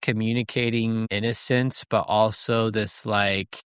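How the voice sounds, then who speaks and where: A man with a fairly low voice co-hosts a casual film podcast. He thinks aloud, halting and filling gaps with small words as he works out his points. The recording is dry and close. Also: level tone, fairly bright tone, clean tone, dry recording. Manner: halting, filler-heavy, thoughtful. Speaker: podcast co-host.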